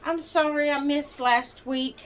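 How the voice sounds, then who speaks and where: A woman's voice: medium pitch, slight background noise. A woman hosting her doll channel, chatting casually and apologetically with viewers from her rocking chair, rambling and searching for words. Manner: slow, rambling, apologetic, hesitant. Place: at home, seated in a rocking chair.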